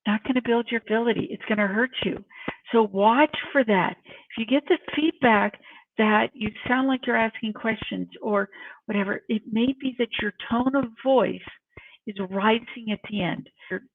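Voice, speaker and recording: A woman's voice: a little high, moderate pace, slight background noise. A middle-aged woman giving workplace tips in a chatty, self-mocking way and acting out examples as she goes. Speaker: workplace coach. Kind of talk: casual tips talk to camera. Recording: tinny phone-like sound from a distant mic.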